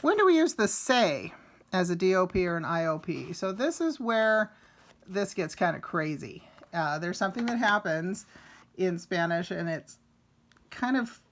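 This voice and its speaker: A woman's voice: fairly low pitch, sing-song, measured pace. A woman Spanish teacher working through grammar notes in a recorded lesson, explaining step by step and repeating each example.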